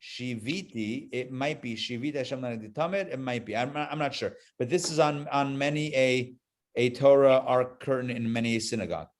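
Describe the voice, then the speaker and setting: A man's voice: mid-range voice, fairly quick. A man teaching a live online Hebrew reading class, chatty and joking as he drills syllables aloud on a video call.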